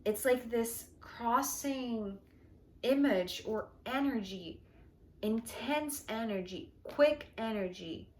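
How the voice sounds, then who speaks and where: A woman doing a tarot reading, speaking slowly and softly, often sinking to a near whisper. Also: fairly high pitch. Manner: slow, soft and dreamy, often dropping to a near whisper. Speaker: tarot reader. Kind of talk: intuitive tarot reading monologue.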